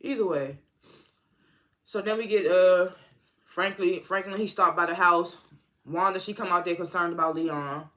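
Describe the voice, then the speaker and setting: A TV episode reviewer in a casual recap, rambling and halting with lots of fillers and exasperated asides. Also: medium pitch, a bit bright.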